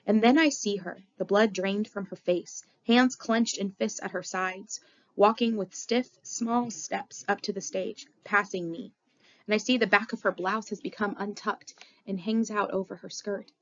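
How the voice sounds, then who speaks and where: A woman narrating a novel in the first person with expressive, dramatic reading, on a dull lo-fi recording. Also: mid-range voice, a little slow. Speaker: audiobook reader. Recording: dull lo-fi audio.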